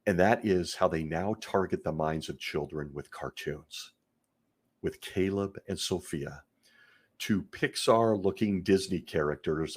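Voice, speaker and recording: A middle-aged man hosting a commentary show, speaking in an earnest, indignant and emphatic way. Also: extremely low pitch. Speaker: podcast host. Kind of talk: commentary on a religion he left.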